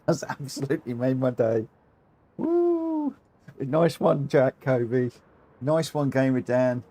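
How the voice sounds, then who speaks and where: A man hosts a gaming livestream, giving excitable, giggly live commentary and chatting with viewers from a home setup using a desk mic. His voice is medium in pitch.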